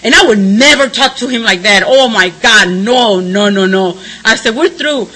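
A middle-aged woman tells her own story at a recovery meeting, frank and unfiltered. Her voice sits high and has a sharp, bright edge. She swings between a low, somber tone and open laughter. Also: normal speed, breathy edge, poor audio. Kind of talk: personal testimony at a recovery meeting.

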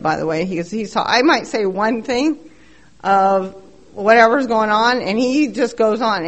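A middle-aged woman giving a candid, profane recovery share at a meeting, telling her story bluntly and with self-mockery. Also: on the high side.

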